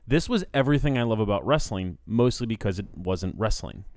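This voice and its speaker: A man's voice: on the low side, brisk, clean tone, no echo, clean studio sound. Sarcastic, laughing man in casual chat. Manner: animated, sarcastic, laughs often. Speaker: podcast co-host.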